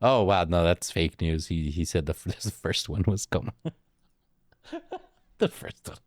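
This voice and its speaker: A young man riffing with his stream chat in loose, slangy banter. His voice sits fairly low and he takes his time, with a close, dry sound and no room around it. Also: measured pace, dry recording. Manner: jokey, slangy banter with frequent laughs. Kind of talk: casual stream chat reacting to chat.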